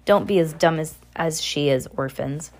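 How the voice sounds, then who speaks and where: A woman's voice: deep voice, moderate pace, a little mellow. A woman voicing a sneering, scheming male villain. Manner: growling, mocking.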